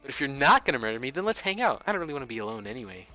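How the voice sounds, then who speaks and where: A brash teenage baseball ace who swears freely and brags without shame, as a man reads his game lines in a raised voice. His delivery swoops up and down, bright and lively. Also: very fast, soft background music. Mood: cocky. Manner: brash, swears casually, higher voice. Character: cocky teen boy baseball star, brash and whiny. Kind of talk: reading game dialogue aloud.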